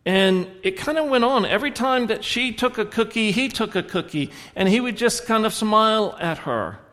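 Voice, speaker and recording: A man preaching in a church, telling stories and swinging between soft reflective moments and animated punchlines. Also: high voice, moderate pace, big-room sound. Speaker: pastor. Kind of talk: sermon. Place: church sanctuary.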